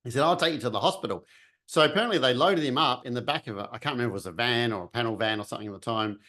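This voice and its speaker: A man's voice: medium pitch, racing. A man telling a personal story casually, acting out what people said and the sounds he heard. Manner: animated, acts out voices and sounds.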